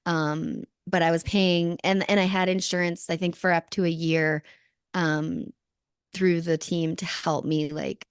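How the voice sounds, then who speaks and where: A lively woman from Canada in her thirties tells stories and laughs often, in casual conversation. Her voice sits a little low for a woman. The sound is dry and close, with no room around it. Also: a little slow, clear, resonant tone, no echo. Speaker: podcast guest, former Olympic snowboarder.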